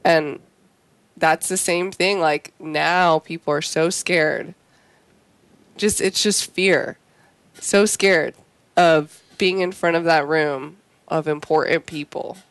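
A co-host in a conversational Christian talk show, retelling a story in a quick, animated way. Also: mid-range voice, no room sound.

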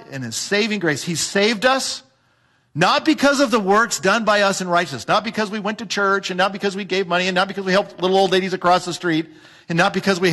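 Man, pastor type, emphatic sermon delivery, slightly high voice, rhetorical questions. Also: pushed and bright. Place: church sanctuary with congregation.

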